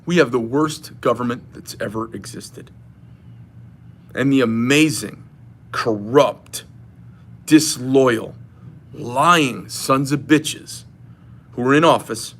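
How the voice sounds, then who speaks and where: A man's voice: medium pitch, slow pace, pauses often, fairly bright tone. A man delivering an impassioned, rambling political rant to his viewers, retelling a phone call with a friend. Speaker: knife shop owner.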